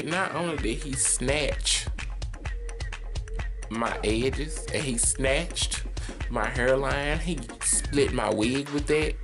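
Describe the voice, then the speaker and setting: A man in his twenties telling an animated, sassy, slang-filled story on his vlog. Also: on the high side. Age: 20s. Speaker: vlogger. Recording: music playing behind the voice.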